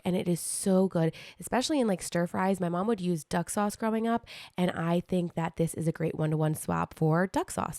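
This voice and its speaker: A woman's voice: lowish voice, a little mellow, dry recording, studio quality. A woman in her thirties hosting a casual cooking tutorial, chatty and enthusiastic, often saying "like". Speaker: cooking channel host.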